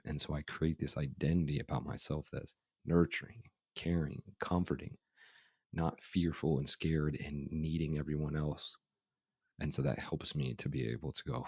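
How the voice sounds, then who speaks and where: Very deep creaky-voiced man telling a story. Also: steady tone, moderate pace, a little mellow, no room sound, studio quality. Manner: conversational, frequent "you know" and "right?". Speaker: guest, life coach. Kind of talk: casual podcast storytelling.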